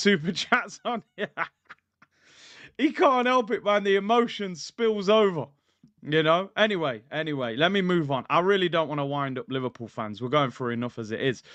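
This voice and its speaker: Casting: high, animated male football streamer, dry close mic, ranting and excitable. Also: moderate pace, dry recording. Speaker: football YouTuber, stream host. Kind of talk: casual live-stream football commentary.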